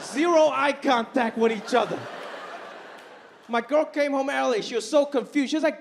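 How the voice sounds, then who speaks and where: Animated high-voiced male stand-up comic. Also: fairly quick, creaky, a faint crowd. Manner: animated, punchy delivery with voice impressions. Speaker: stand-up comedian. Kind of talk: stand-up comedy set. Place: stage in front of a live audience. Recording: noisy live stand-up recording.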